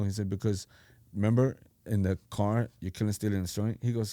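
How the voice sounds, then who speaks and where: A middle-aged man, a pastor, telling his life story in animated casual talk and acting out the voices he quotes. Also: lowish voice, fairly quick, no echo. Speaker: pastor, podcast guest.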